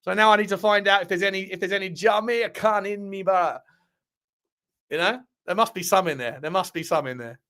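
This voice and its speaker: A chatty man hosts a casual live stream, rambling and bantering with viewers. His voice sits a bit high for a man, and he laughs often as he talks. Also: fairly quick, bright, forceful tone. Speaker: livestream host reading chat.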